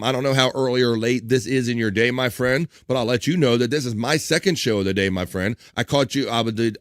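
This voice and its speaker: A man's voice: mid-range voice, no room sound, studio quality. A man hosting a live stream, reading chat messages aloud and making crude jokes in casual banter. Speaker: livestream show host.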